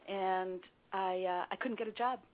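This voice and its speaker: A woman's voice: medium pitch, steady tone, unhurried. An older woman guest telling her life story earnestly in a radio interview. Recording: phone-like narrow sound.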